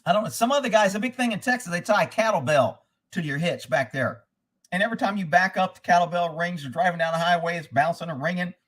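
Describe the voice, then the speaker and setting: A high-voiced livestream host speaks fast with a fairly bright tone, ranting angrily and with plenty of profanity. His rambling monologue includes reading out viewer comments and locations.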